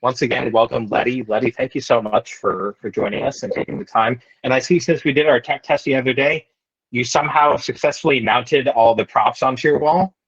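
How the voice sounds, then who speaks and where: A man's voice: mid-range voice, breathy edge, no room sound. A man hosting a live Q&A over a call, stumbling over words and teasing the guests. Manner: halting, repeats words, dry teasing. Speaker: host. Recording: dull dry lo-fi call audio.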